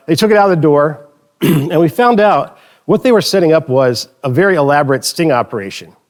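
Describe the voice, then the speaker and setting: On stage in front of an audience, a man gives a conference talk, telling anecdotes in a casual, joking way and restarting often. His voice is on the high side with a darkish tone.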